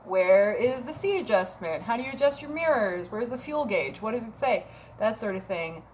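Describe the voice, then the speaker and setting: A woman's voice: fairly high pitch, lively intonation, normal speed, darkish tone, a little hiss or hum. A woman in her thirties, from Minnesota, tells a casual story on her vlog with a wry, self-mocking manner and plenty of swearing. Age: 30s. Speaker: vlogger.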